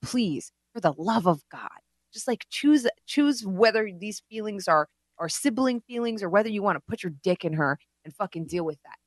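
A woman's voice: medium pitch, lively intonation, normal speed, dry recording, clean studio sound. A woman co-hosting a podcast in casual chat, ranting profanely and exasperated. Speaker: podcast co-host.

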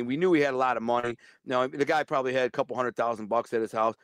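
A man's voice: medium pitch, fast talker, hardly any pauses, no room sound, studio quality. A man telling a blunt, streetwise story as an interview guest. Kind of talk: casual storytelling.

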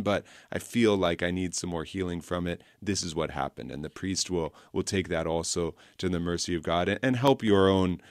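Man, priest, radio call-in host, raspy, gentle and reassuring, low voice. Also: dry recording, studio quality. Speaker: priest guest-hosting a call-in radio show.

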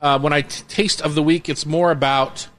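A man's voice: fairly high pitch, fairly even intonation, normal speed, fairly bright tone. A man hosting a casual food radio show from a kitchen studio, upbeat and rambling with jokes. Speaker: radio show host and chef.

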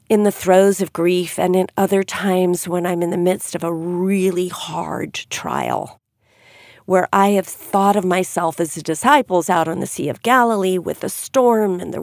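A middle-aged woman giving an earnest devotional Bible teaching, gently putting questions to her listeners. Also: on the low side, gravelly, no echo, clean studio sound.

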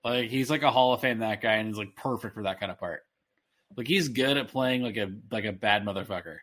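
A man in his thirties co-hosting a podcast, rambling excitedly with many restarts. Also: lowish voice, a little fast. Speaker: podcast co-host. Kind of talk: casual chat.

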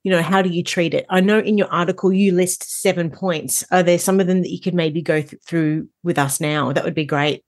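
A woman hosts the interview, asking friendly, encouraging questions. Her voice sits slightly low. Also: fairly even intonation, a little fast, hardly any pauses. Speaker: podcast host.

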